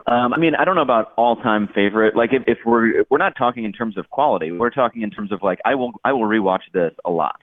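A man's voice: medium pitch, fast, hardly any pauses, no room sound. A man chatting casually and laughing often as a podcast guest. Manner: laughing, rambling. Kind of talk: casual chat. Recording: dry tinny phone-like line.

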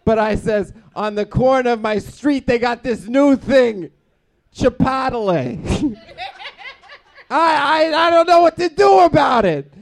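A man's voice: very high-pitched, slow, a little mellow, heavily acted. A man doing a swearing tough guy. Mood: worked up. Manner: rambling, swearing, blustering. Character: brash, crude working-class Boston guy. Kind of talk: improv comedy.

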